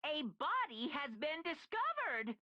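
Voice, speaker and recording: A woman voicing a gleeful, menacing bear mascot who announces in a shrill, sing-song, theatrical drawl in a video game. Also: very animated, measured pace, sharp tone, lo-fi sound, slight background noise, exaggerated voice.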